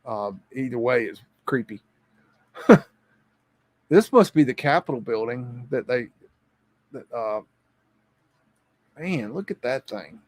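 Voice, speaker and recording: A man hosts a casual live stream, thinking aloud and reacting to what he sees. He rambles, chuckles and repeats himself as he goes. His voice sits at an average pitch, recorded close and dry. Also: animated, takes it slowly, long pauses, dry recording. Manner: repeats words while reacting to images.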